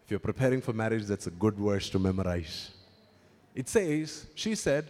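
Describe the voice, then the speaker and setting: A man's voice: fairly low pitch, animated, moderate pace, a little mellow. A man preaching a sermon in a conversational, emphatic way, often repeating words and slipping in teasing asides. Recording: long reverb of a large hall.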